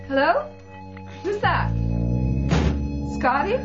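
A woman's voice: very high voice, big pitch swings, very slow, over music, full character voice. An actress playing a worried mother, anxious and urgent as she tends to her hurt son. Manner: anxious, urgent, soft-spoken. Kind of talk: film drama acting. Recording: dull muffled film audio.

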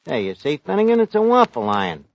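A man's voice: fairly high pitch, wildly swooping pitch, fast talker, creaky, no echo, highs cut off, full character voice. An actor playing a wisecracking male tavern manager with bad grammar, in 1940s radio comedy. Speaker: host. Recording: old radio broadcast with live audience laughter.

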